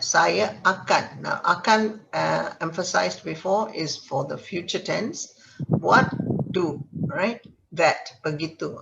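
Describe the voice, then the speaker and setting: Gravelly high-voiced male language teacher. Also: a bit bright. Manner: patient, explains word by word with checks like "all right?". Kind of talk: explaining a language lesson. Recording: dull lo-fi recording with faint hiss.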